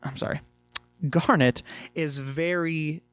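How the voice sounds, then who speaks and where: A man's voice: a little high, fairly even intonation, slow, clear, resonant tone, dry recording. A man casually reviewing a cartoon episode, rambling with lots of fillers.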